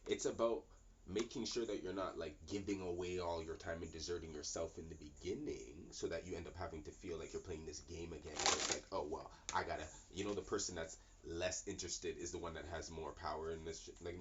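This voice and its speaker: Deep-voiced man giving a rambling card reading. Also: brisk, lo-fi sound, a little hiss or hum. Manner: animated, rambling, keeps asking "right?". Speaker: tarot card reader. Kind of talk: casual spiritual card reading.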